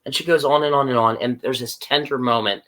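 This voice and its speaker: A man in casual podcast conversation, retelling a TV episode scene by scene. His voice sits at a middle pitch. He slips into the characters' lines with an animated, storytelling manner. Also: fast talker. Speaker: podcast co-host. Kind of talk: casual chat recapping a TV episode.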